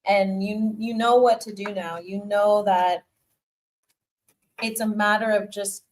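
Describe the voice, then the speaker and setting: A woman's voice: mid-range voice, rough recording. Encouraging woman giving a tarot reading. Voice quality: animated, laughs often, warm encouraging repetitions. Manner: swears casually, talks straight to the viewer. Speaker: tarot reader. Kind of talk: casual live tarot reading.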